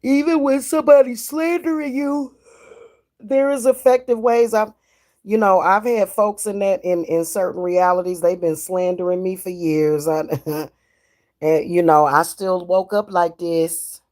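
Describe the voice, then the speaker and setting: Slow-talking woman in slangy, profane chat. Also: mid-range voice, fairly even intonation, mellow. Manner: slangy, loose and profane, laughs often. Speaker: spiritual reader and spellworker. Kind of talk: casual livestream chat.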